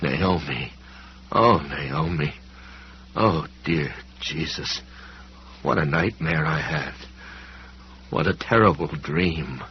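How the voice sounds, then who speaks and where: A man's voice: a bass voice, takes it slowly, long pauses, pitched below the performer's own voice. A man voicing a grown man haunted by nightmares, with a harsh, choked voice. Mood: shaken. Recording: dull recording with faint hum.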